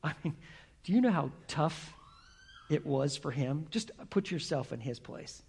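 A male pastor preaching to his congregation in a gravelly, husky voice that sits a little high for a man. He tells a story and keeps asking his listeners questions, drawing them into it. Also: animated, measured pace, darkish tone. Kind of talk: sermon.

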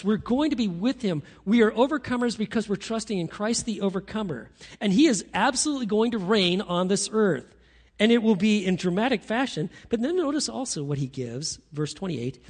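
A man preaching a sermon to his congregation, swinging between loud emphatic lines and quiet asides. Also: high voice, breathy edge. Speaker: pastor.

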